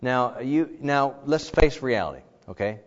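A middle-aged man teaching a Bible class in a casual, animated way, acting out the quoted dialogue. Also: mid-range voice, measured pace. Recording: dull lo-fi sound with long reverb.

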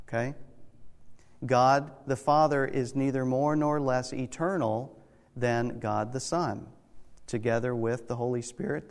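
A man's voice: mid-range voice, long reverb tail. A man teaching a Bible class, explaining step by step and checking in with "okay?". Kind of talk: church teaching session.

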